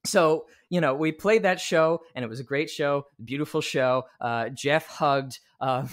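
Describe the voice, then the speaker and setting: Animated man telling road stories. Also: on the high side. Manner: animated, quotes people in lively bursts, swears casually. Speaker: podcast guest, musician. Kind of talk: casual storytelling chat.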